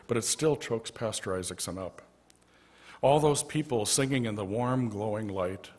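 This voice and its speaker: A man preaching a storytelling sermon as pastor in a church, gently narrating with quiet asides. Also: on the low side. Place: church sanctuary.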